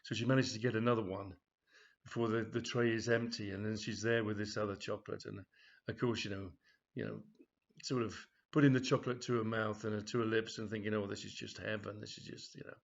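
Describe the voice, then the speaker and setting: A man reads his own comedy story aloud in a loose, rambling, conversational way, packed with fillers, asides, and frequent "of course." His voice is on the low side with little pitch movement and a slightly fast pace, captured in a dull lo-fi recording.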